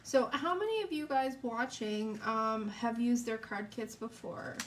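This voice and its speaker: A papercraft instructor with a fairly high voice teaches a live card-making lesson, chatting with viewers as she works. She speaks a little slowly, sniffling and hiccupping, over slight background noise.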